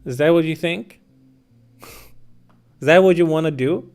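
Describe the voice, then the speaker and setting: A man's voice: a little high, slow pace, darkish tone, soft background music. A man streaming live, answering chat comments in a blunt, mocking, incredulous way with plenty of swearing.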